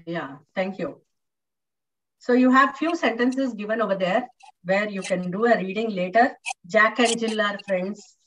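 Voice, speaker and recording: A woman's voice: mid-range voice, measured pace. Woman lecturing over distant lo-fi audio. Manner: patient, repetitive teaching with frequent fillers. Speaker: English lecturer. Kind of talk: online class lecture. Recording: distant, dull lo-fi online audio.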